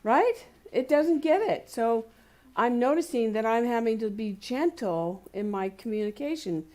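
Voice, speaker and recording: A woman with a somewhat high, animated voice gives a conversational sermon at a spiritual community service held in a community center hall. Taking her time, she shares warm everyday anecdotes, laughing and slipping into playful voices for the people she quotes.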